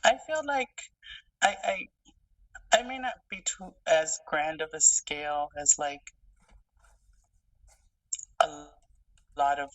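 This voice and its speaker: A podcast guest in casual interview chat, speaking softly and hesitantly with many fillers. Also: medium pitch, animated, takes it slowly, long pauses, no echo. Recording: dry, distant mic.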